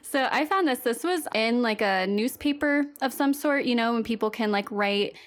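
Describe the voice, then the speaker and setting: A woman's voice: a little high, lively intonation, normal speed, noisy background. A woman hosting a podcast in casual chat, giggly and talkative, often filling her speech with "like.". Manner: giggly, chatty, many "like" fillers. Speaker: podcast host.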